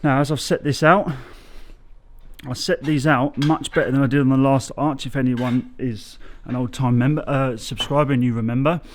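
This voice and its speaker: A man's voice: mid-range voice, fairly even intonation, normal speed, a little hiss or hum. A man, chatting casually on an outdoor building site and explaining his bricklaying, often losing his thread and correcting himself. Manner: chatty, loses his train of thought, self-corrects. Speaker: bricklayer vlogger.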